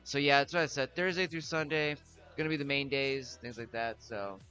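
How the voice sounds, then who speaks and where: A man's voice: medium pitch, fairly even intonation, a little fast, bright, forceful tone, faint music behind. A young man chatting casually with his viewers as a streamer, rambling with lots of filler words and frequent laughs. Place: home room.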